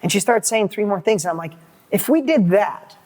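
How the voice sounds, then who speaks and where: A middle-aged man, a guest in an interview, telling a motivational story with lively, acted-out dialogue and quick repeated words. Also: high-pitched. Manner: animated, acts out quoted dialogue, repeats words when excited.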